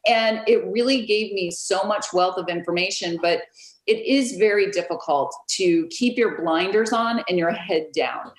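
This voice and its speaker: A woman realtor, a guest on an interview, telling stories in a lively casual way and acting out what others said, over a video call. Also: medium pitch, moderate pace, roomy sound, rough recording. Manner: animated, storytelling, acts out quotes.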